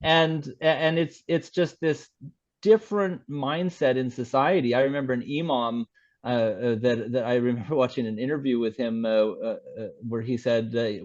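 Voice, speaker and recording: Halting male author on a dull line. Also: mid-range voice, darkish tone, dry recording. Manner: halting, many fillers and restarts. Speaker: author and podcast guest. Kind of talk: casual interview talk.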